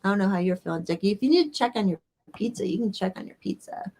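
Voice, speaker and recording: A woman's voice: medium pitch, animated, fast talker, mellow, slight background noise. A woman hosting a casual livestream chat, easygoing and loose, filling her talk with "like" and "I mean". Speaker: livestream host.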